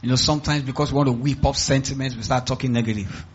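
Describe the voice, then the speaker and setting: A male pastor with a Nigerian accent delivering a sermon in church, emphatic and call-and-response, swinging from quiet asides to loud cries. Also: mid-range voice, steady tone, fast, highs cut off, slight background noise.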